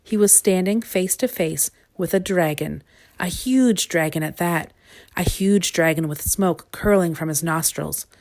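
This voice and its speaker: Woman, storybook reading, calm, measured, lowish voice. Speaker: storybook reader.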